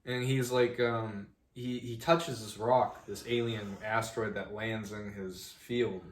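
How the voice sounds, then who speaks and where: A young man with a lowish, fairly even voice co-hosts a podcast, telling a long, rambling story at a measured pace, full of profanity and "like." It's casual chat and storytelling, recorded with a roomy echo and slight background noise.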